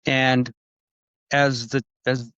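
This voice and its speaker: A man's voice: mid-range voice, level tone, very slow, a bit bright, smooth, no room sound. A man, a guest on a podcast, telling a long story in a rambling, conversational way, with many restarts and acted-out quotes. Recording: dull lo-fi dry recording.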